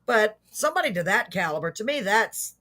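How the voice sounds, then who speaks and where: A woman's voice: medium pitch, sing-song, a little fast, bright, forceful tone. A woman hosting an interview, chatty and effusive, often laughing. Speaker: show host. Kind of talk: casual interview chat.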